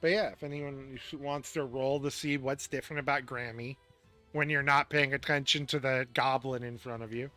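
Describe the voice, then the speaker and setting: Male game master, casual and chatty, bright forceful tone, soft music under him. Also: mid-range voice, steady tone, normal speed. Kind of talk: narrating a tabletop game.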